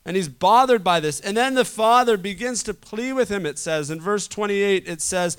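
A man preaching a sermon to a room, swinging from loud urgent stretches to quiet soft ones. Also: high voice, animated, moderate pace, few pauses, clean tone. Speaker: pastor.

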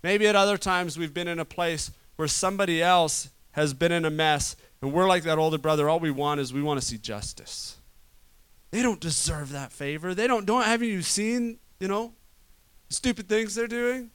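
A man preaching a sermon to a room, swinging from loud urgent stretches to quiet soft ones. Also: on the high side, normal speed, smooth. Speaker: pastor.

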